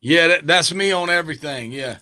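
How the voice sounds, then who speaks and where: Rapper guest, male, high and bright, eager and rambling in casual chat. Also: brisk. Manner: eager, talkative, trails off mid-thought. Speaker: rapper being interviewed.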